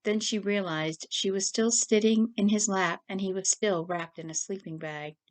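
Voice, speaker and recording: A woman author reading her short story aloud at a steady, even pace. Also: mid-range voice, moderate pace. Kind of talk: story narration.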